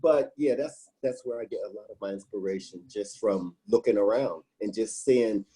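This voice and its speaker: Male author guest, warm mellow voice, lively storyteller, lots of fillers. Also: lowish voice, normal speed, rough recording. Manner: animated, acts out his own thoughts in quotes, many fillers. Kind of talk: casual interview chat.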